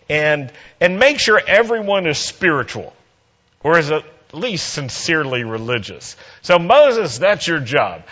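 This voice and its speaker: A man's voice: on the high side, fairly bright tone, lo-fi sound. A man preaching a sermon, telling a humorous personal story and acting out the dialogue with playful energy.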